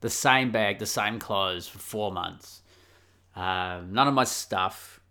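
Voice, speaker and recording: A middle-aged Australian man talks alone into his podcast mic, loose and candid, circling back on himself and swearing freely. His voice sits fairly low yet sounds bright and forceful. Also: slow pace. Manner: rambling and candid, frequent restarts and swearing. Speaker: podcast host. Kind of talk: casual solo podcast monologue.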